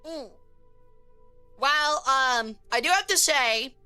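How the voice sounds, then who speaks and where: A woman's voice: high voice, expressive, takes it slowly, pushed and bright, soft background music. A woman streamer chatting casually with her viewers, joking crudely and rambling in a chaotic way. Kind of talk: casual live-stream chat.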